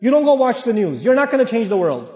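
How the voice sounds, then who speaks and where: A man giving an animated sermon-style talk to a congregation, acting out family quarrels in quick voices. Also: extremely high pitch, dull audio. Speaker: Islamic speaker. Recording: roomy hall reverb.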